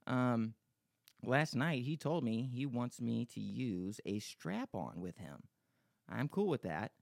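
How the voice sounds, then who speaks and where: A man's voice: mid-range voice, very animated, slow, creaky, no room sound, studio quality. A man hosting a podcast, rambling and joking, swearing freely as he chats and reads listener emails. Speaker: podcast host. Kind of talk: casual podcast chat.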